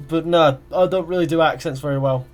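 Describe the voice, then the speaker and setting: A man's voice: fairly high pitch, a little fast, faint music behind. Rambling young male gaming streamer. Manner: rambling, reads chat questions aloud and answers them. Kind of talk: casual live-stream chat.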